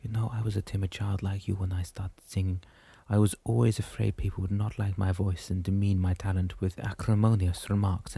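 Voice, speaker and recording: A man doing a hushed Italian opera diva. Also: sits low, creaky, slightly rough, exaggerated voice. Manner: soft and hushed. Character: famous Italian woman opera singer, gracious.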